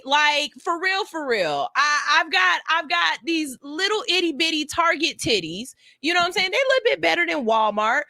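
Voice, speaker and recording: High, lively-voiced woman radio host. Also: dry recording, clean studio sound. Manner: animated, joking, blunt and profane. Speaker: radio morning show host. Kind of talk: casual chat. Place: radio studio.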